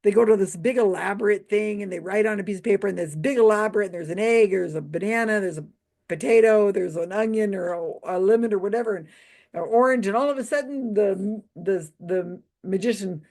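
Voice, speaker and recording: A woman's voice: medium pitch, brisk, darkish tone. A woman who works in mentalism, giving a casual commentary monologue, amused and laughing often as she retells what she saw. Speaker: YouTube commentator.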